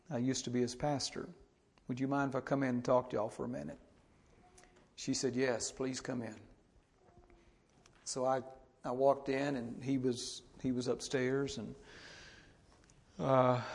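Gravelly pastor preaching. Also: male voice, mid-range voice, darkish tone. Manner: storytelling, earnest, exhorting. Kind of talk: sermon.

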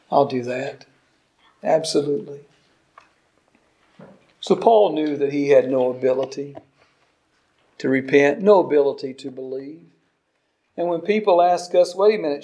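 A man in his sixties preaching a sermon, emphatic, with soft asides and loud stresses. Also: fairly high pitch. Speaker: pastor.

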